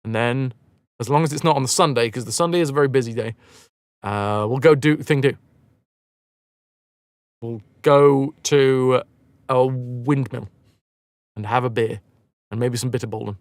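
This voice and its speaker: A man's voice: medium pitch, moderate pace, long pauses, no echo. A man live-streaming a game, chatting casually with viewers in a rambling, self-mocking way and swearing freely.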